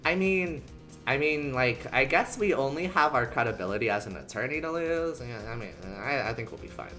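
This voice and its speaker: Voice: mid-range voice, fairly quick. A streamer chatting casually and giggling while playing a courtroom game, over faint game music. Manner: animated, giggly, self-talking.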